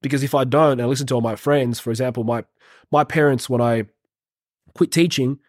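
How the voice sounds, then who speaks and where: A man's voice: medium pitch, fairly even intonation, fairly quick, no echo. Earnest man on a dry-sounding podcast. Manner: earnest, rambling, swears casually. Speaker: podcast host, personal trainer. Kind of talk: motivational podcast monologue.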